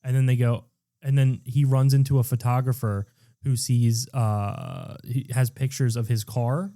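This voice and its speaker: Rambling man with a very dark voice. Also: mid-range voice, fairly even intonation, unhurried, dry recording, studio quality. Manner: rambling, profane, self-deprecating. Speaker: podcast co-host. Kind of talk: casual chat.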